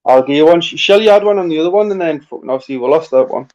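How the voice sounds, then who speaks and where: A man's voice: fairly high pitch, lively intonation, racing, a little mellow, lo-fi sound. A man joining a livestream as a guest, talking bluntly and swearing. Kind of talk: casual livestream chat.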